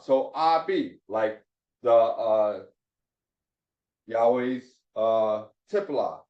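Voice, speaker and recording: A man teaching a Hebrew phonics lesson, explaining slowly and repeating words for drilling. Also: lowish voice, lively intonation, a little mellow. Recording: echoey room, dull lo-fi sound.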